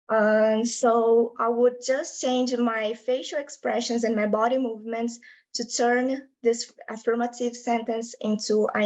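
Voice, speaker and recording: Speaking in a slightly high, darkish voice over a rough recording, a young adult woman delivers an academic talk on her linguistics work via video call. She explains patiently, her English phrasing marking her as a non-native speaker.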